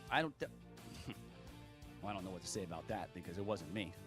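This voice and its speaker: A man's voice: low voice, expressive, fast, over music. A man cutting a smug, dismissive trash-talk promo against his opponent. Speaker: competitor.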